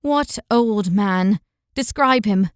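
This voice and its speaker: A woman's voice: medium pitch, slow, smooth, dry recording, clean studio sound, close to an everyday voice. A woman voicing a determined, outspoken young heroine in a fantasy audiobook, firm and insistent. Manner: forceful, insistent.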